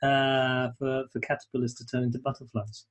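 He's co-hosting a live webinar, thinking out loud with casual energy, restarting often, and sharing comments from the audience. His voice is medium in pitch and his speech fairly quick.

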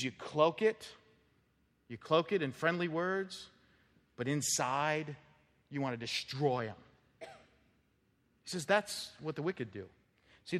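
A man preaching a sermon as pastor, animated, acting out quoted voices and repeating words as he builds up. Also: fairly high pitch. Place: church sanctuary. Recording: long reverb of a church hall.

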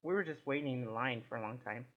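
Woman podcast co-host, very low voice, short reactive remarks, muffled lo-fi sound. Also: fast talker. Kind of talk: casual chat. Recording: dull lo-fi podcast recording.

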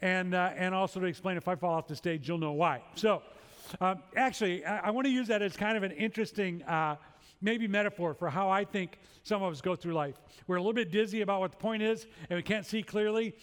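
A man's voice: high-pitched, a little fast, fairly bright tone, smooth. A middle-aged male pastor preaching a sermon, telling a story with humorous, self-deprecating asides. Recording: long hall reverb.

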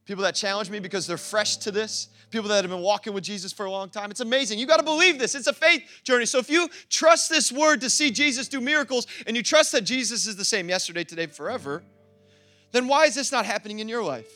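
A man preaching a lively sermon as pastor, laughing often and acting out quoted voices. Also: sits high, fast, faint music behind. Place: church.

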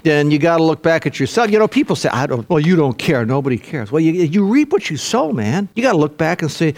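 An older male pastor delivers a sermon in an earnest, emphatic way, circling back to repeat his key phrases. His voice sits a little higher than most men's. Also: a little mellow.

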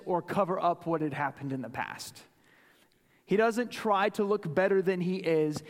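A man preaching a sermon as a pastor, building with repeated phrases and dropping to a hush for emphasis. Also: high voice, in a large hall. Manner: dramatic, drops to a hush for emphasis.

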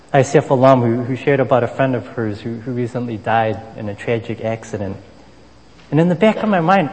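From the Boston area, a man delivers a sermon in a relaxed, conversational way, slipping "you know" into his pauses as he shifts between scripture and everyday stories. His mid-range voice trails a long reverb, as though he's in a large hall.

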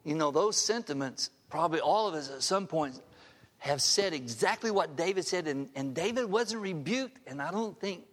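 A man's voice: fairly high pitch, expressive, normal speed. An older man preaching a sermon as pastor, earnest and full of direct rhetorical questions to his listeners. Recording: long reverb of a large hall.

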